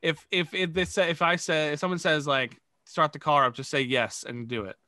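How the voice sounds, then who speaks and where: Rambling bright-voiced man coaching improv. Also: a little high, fairly even intonation, normal speed, no room sound. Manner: rambling, filler-heavy, coaching. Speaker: podcast host coaching improv. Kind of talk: casual podcast chat.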